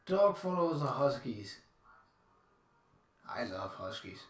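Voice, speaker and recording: A man's voice: mid-range voice, lively intonation, unhurried, vocal fry, echoey room, far from the mic. A man streaming live, casually reading out descriptions and musing aloud with lots of fillers.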